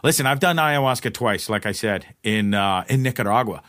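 A man's voice: on the low side, fairly quick, no echo, studio quality. A middle-aged man hosting a podcast, telling a personal story in a loose, profane monologue with frequent laughs. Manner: animated, profane, laughs often, voices others in quotes. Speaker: podcast host.

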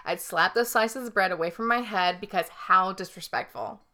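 A woman's voice: mid-range voice, moderate pace, pushed and bright. A woman co-hosting a podcast, chatting casually and reading quiz options aloud with playful emphasis and frequent laughter. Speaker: podcast co-host.

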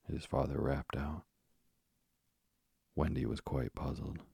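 A man narrating a storybook in a measured, deliberate way. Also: a bass voice, level tone, vocal fry, a little mellow, slightly rough, no echo, clean studio sound.

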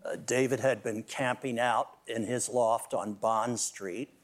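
A man's voice: mid-range voice, fairly even intonation, measured pace. Older male drummer, talk-show guest, rambling storyteller. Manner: rambling anecdotes with many restarts and laughs.

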